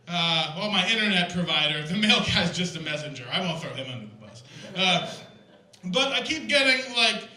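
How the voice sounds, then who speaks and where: A man doing a live stand-up comedy set with a rambling, absurd, excitable delivery. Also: high voice. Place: live comedy festival stage. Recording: echoey live venue, heard from a distance.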